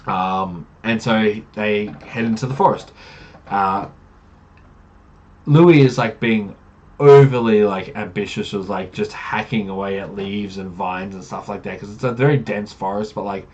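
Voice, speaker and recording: Low-voiced man recapping a tabletop campaign. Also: a little slow, a little mellow, lo-fi sound. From Australia. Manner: rambling, many fillers and self-corrections. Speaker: game master. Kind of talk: casual campaign recap narration.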